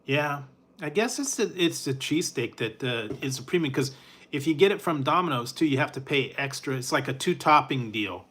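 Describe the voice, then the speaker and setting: A middle-aged man chatting casually with his live viewers, rambling and laid-back. He talks at an ordinary mid pitch, chuckles often and fills pauses with ums and uhs. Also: expressive, fairly bright tone, breathy edge. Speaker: food reviewer.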